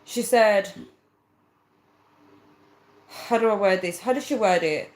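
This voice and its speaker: A woman tells a story on her livestream in a casual, chatty way. She acts out each line of the conversation, and her voice sits at an ordinary middle pitch. The sound has a roomy echo around it. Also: slow, a little mellow. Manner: chatty storyteller acting out quoted dialogue, earnest. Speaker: livestreamer reading viewer comments.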